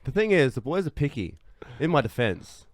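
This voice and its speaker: A man's voice: mid-range voice, sing-song, normal speed, no room sound. A young man trades joking, defensive banter with his co-hosts. His voice sits in a middle range. The studio sound is dry and close. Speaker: podcast co-host. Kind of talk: casual chat.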